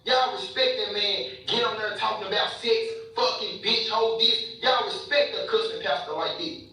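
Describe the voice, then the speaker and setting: A young man in a heated, profane live-video rant, piling up repeats and tagging his lines with bro and man. His voice sits high and sounds very sharp and tense. He is far from the mic, in a very echoey room. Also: moderate pace, soft background music. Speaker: social media commenter.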